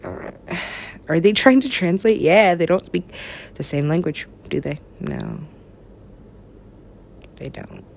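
Slow, low-voiced rambling woman. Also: big pitch swings, creaky, darkish tone. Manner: meandering, giggly, swears a lot, trails into mumbles. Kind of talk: rambling casual talk.

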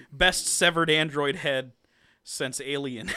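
A man's voice: on the high side, slow, sharp tone, no room sound. A man co-hosting a podcast, casually recapping a movie with lots of swearing and laughter. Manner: rambling, profane, laughs often and acts out quotes. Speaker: podcast co-host.

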